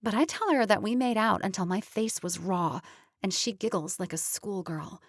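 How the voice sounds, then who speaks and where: A woman's voice: mid-range voice, normal speed, dry recording. Lady reading a rom-com audiobook, chatty, dry close mic. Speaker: audiobook narrator. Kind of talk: scripted first-person narration.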